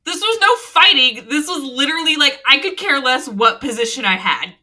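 Bright-voiced female podcast co-host, emphatic, quick to push back. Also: sits high, animated. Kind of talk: casual podcast chat.

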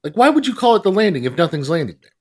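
A man co-hosting a chatty podcast, full of wry, grumbling complaints that he plays up for laughs. His voice swings widely in pitch as he talks, leaning on exaggeration and mock outrage. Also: very animated, very fast, slightly rough. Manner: sardonic, complaining, playfully exaggerated. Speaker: podcast co-host. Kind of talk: casual chat.

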